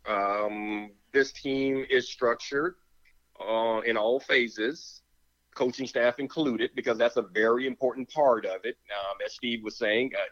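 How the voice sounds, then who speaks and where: A man's voice: mid-range voice, fairly even intonation, a little slow, fairly bright tone, lo-fi sound. A man, a former football player, arguing his point emphatically in a sports talk show, often repeating words. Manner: emphatic, repeats words, talks himself out of breath. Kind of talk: sports talk, animated argument.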